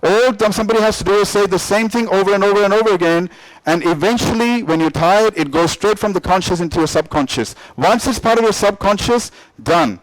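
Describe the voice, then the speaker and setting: A middle-aged man with a high-pitched voice gives a motivational talk, driving his points home through repetition and questions to the room. The sound is close and dry, with almost no room reflection. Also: brisk, no room sound, rough recording. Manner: emphatic, repetitive, asks the audience questions. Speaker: motivational speaker.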